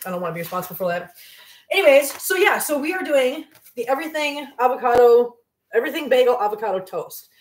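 Middle-aged woman, home cooking-stream host, rambling and friendly, slightly high voice, echoey kitchen. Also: expressive, quick pace. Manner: chatty, rambling, laughs often, coos at her cats. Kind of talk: casual chat while cooking live.

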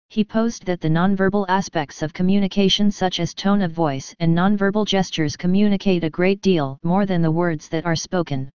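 A woman in scripted narration, reading a course lesson in an even, measured way. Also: lowish voice, smooth, dry recording.

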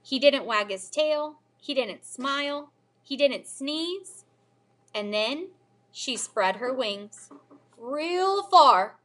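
A teacher reading a children's novel aloud with expressive storybook delivery. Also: female voice, sits high, takes it slowly. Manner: expressive storybook reading, lively character voices.

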